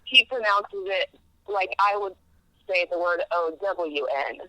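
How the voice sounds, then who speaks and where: A woman's voice: medium pitch, a little slow, sharp tone, no room sound. A woman calling in to a podcast by phone, explaining things in a friendly, matter-of-fact way. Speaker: caller. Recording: phone line.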